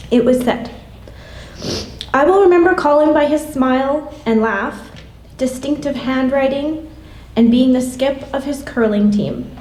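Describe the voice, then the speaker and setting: A woman in her late thirties reads a eulogy aloud, measured and gentle, her voice sitting a little high. She is heard from some way off, with the sound ringing around a church hall. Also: a little hiss or hum. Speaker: classmate giving a memorial tribute. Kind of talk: reading a prepared eulogy. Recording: echoey hall from a distance.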